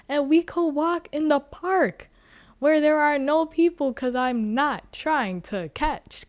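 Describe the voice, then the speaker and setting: A woman's voice: on the high side, no room sound. A woman hosting a podcast, recapping a book in a casual, joking way with free swearing. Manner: animated, joking, swears freely. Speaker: podcast host.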